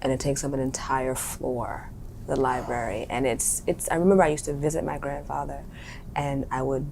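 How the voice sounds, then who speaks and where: A young woman with a notably low voice talks thoughtfully as an interview guest. She is from Harlem and searches for her words, often restarting a phrase. A faint rumble sits under the recording. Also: steady tone, moderate pace, creaky, a little mellow. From Harlem, New York. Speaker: actor and writer, interview guest. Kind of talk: reflective interview talk.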